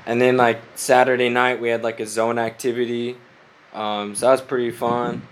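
A young man serving as a missionary talks casually to his family, rambling, laughing often, and filling his speech with "like." His mid-range voice is flat in delivery at a normal speed, slightly nasal from a cold.

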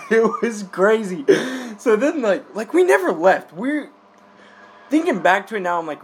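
A man's voice: sits high, sing-song, a little slow, slightly rough. A young man, a missionary, telling a rambling casual story with lots of filler words and frequent laughter. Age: young adult.

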